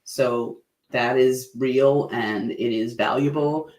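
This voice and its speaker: A man of middle pitch teaches presenters over a livestream, lively and playful. He breaks into little acted-out bits between his points. The sound is roomy, with a clear echo around his voice. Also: slow. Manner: animated, acts out facial expressions with playful asides. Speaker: presentation coach hosting a livestream. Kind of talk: livestream lesson.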